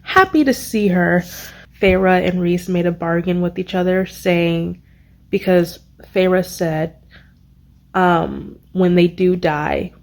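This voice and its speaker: A young woman vlogging about a book she just read, rambling and excitable, stopping to search for words. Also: on the low side, slow pace. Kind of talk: casual reading vlog recap.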